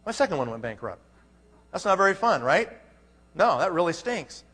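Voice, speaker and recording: A man's voice: high voice, very animated, normal speed, a bit bright. A man giving a motivational talk at a conference, emphatic and firing rhetorical questions at the crowd. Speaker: conference speaker. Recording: long hall reverb.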